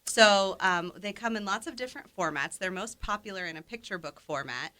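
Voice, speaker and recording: A woman's voice: mid-range voice, sharp tone, no room sound. A woman co-hosting a radio show, chatting in an upbeat way about library books. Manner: upbeat, chatty, quick to laugh. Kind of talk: casual radio chat. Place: radio studio.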